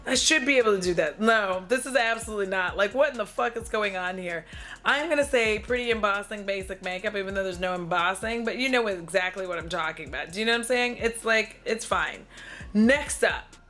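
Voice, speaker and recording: A woman's voice: mid-range voice, brisk, bright, forceful tone, faint music behind. A woman beauty vlogger chatting casually at home about makeup, dramatic and profane, often trailing into little vocal noises. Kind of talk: casual chat reviewing makeup.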